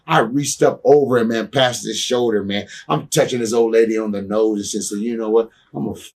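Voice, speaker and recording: A man's voice: on the low side, fairly even intonation, fairly quick, vocal fry, darkish tone, far from the mic. A man being interviewed as a guest, telling stories bluntly with lots of cursing and "you know what I'm saying". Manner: heated when recounting grudges. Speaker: interview guest, former pro wrestler. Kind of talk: candid shoot interview storytelling.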